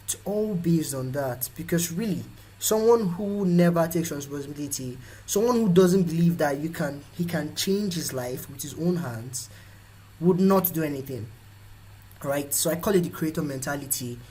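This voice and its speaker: A young man with a Nigerian accent delivers a motivational live talk, his voice a little husky and breathy. He speaks in an animated way and slips into playful voices for the people he describes. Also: a little high, normal speed, low-quality recording. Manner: animated, acts out quoted voices. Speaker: host.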